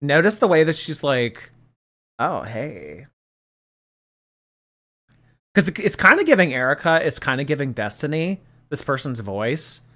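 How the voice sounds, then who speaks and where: A woman's voice: low-pitched, expressive, brisk, hardly any pauses, fairly bright tone. A woman hosts a casual livestream with a chatty, sarcastic manner. Her light lilt comes through as she reads viewer messages aloud and riffs on them. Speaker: host.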